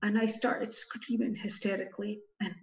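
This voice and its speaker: Woman recounting her ordeal, halting. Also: medium pitch, flat delivery. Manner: emotional, halting, with wry asides. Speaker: guest telling her story. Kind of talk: candid spoken testimony. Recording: dull lo-fi recording.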